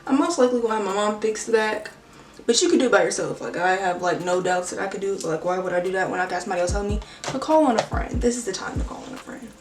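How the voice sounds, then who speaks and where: A woman's voice: medium pitch, very fast, distant mic, noisy background. A young woman chatting casually as she cuts a wig in a beauty vlog, full of slang and fillers like "like". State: out of breath. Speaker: beauty vlogger. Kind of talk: casual hair tutorial chat. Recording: roomy echo, mic set back, faint music.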